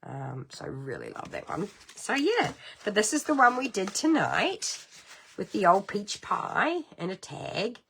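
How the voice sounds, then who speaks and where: A middle-aged woman with a New Zealand accent hosting a casual card-making livestream, chatty and rambling, with sudden high exclamations. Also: huge pitch swings, unhurried, vocal fry, a bit bright, husky. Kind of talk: casual craft livestream chat.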